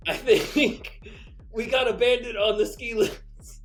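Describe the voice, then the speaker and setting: A man's voice: very high-pitched, slow pace, faint music behind. A man playing a tabletop game, laid-back and giggly. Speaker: player. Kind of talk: casual tabletop game chat.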